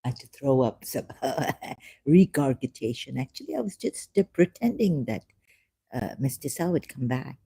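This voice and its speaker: A vlogger speaking in a rambling, self-mocking monologue, sarcastic and halting, with many fillers and frequent laughs. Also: medium pitch, sing-song, creaky, mellow, slightly rough, no room sound.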